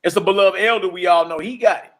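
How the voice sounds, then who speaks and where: Speaking quickly in a high register, a man in his forties hosts a livestream and gives a loose, sermon-like testimony. He's animated and full of slang, tossing out "you dig?" again and again.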